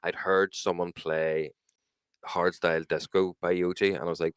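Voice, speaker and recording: Man, deep voice, dry close mic, laid-back joking chat, podcast co-host. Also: level tone, a little fast, no room sound. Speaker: podcast co-host, music producer. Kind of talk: casual chat.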